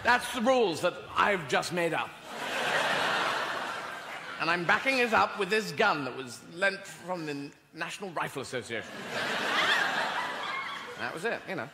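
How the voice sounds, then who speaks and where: Onstage in a large theatre, a man with a fairly high voice performs rambling, animated stand-up, acting out little voices at an unhurried pace with long pauses. The live hall recording picks up audience noise.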